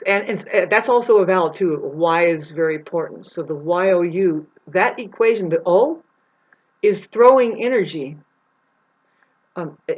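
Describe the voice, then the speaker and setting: A woman talking in a rambling, meandering monologue, jumping between loud bursts and low mutters and swearing freely. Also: breathy edge. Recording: dull lo-fi sound.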